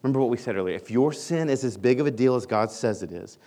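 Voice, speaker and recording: Male preacher, sermon delivery, mid pitch, emphatic, conversational asides. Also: animated, fast talker, warm tone. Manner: emphatic, repeats "right?" to the congregation; acts out sample confessions in a higher voice.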